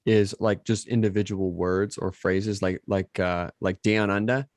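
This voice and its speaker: A man with a Midwestern American accent hosting a casual podcast conversation, chatty, laughing easily and tossing in quick asides. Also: low-pitched, level tone, a little mellow, no echo, studio quality. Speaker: podcast host.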